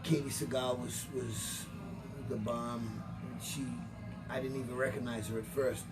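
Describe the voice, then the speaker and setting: A man's voice: medium pitch, steady tone, a little slow, loud music behind the voice, poor audio. A man, a former boxer, telling stories as a podcast guest, acting out quoted lines and swearing freely. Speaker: guest, former boxing champion. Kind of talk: casual storytelling chat.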